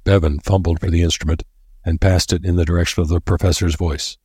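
A man narrating an audiobook in a measured, even storytelling manner. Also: low-pitched, breathy edge, no room sound, clean studio sound.

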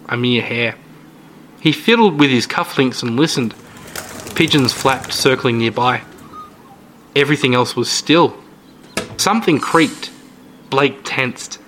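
A man reading a short story aloud as narrator, in a steady, measured way. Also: medium pitch, a little hiss or hum, poor audio.

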